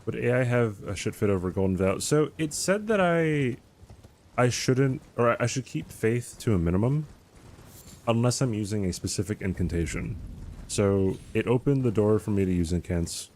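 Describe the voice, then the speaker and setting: A man's voice: fairly low pitch, lively intonation, normal speed, darkish tone, a little hiss or hum. A young man streaming a game live, chatting casually and rambling as he answers his viewers' chat. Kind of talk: casual live-stream commentary while gaming.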